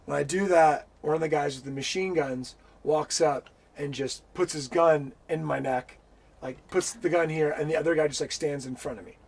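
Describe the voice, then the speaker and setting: A man telling a story in an interview, animated and swearing freely as he acts out the people in it. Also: on the high side, moderate pace, gravelly, slightly rough. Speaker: interview guest. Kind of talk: casual storytelling.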